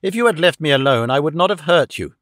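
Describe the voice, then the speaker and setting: A man's voice: a little high, expressive, fast, a bit bright, no room sound, studio quality. A man voicing a cold, gloating middle-aged male villain who mocks and menaces his dying victim. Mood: menacing. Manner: sneering, menacing, mocking.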